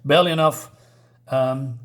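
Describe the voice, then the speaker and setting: A man voicing a sharp, doubting young woman photographer from a comic book, in a scolding way. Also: mid-range voice, fairly even intonation, moderate pace, close to an everyday voice. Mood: skeptical.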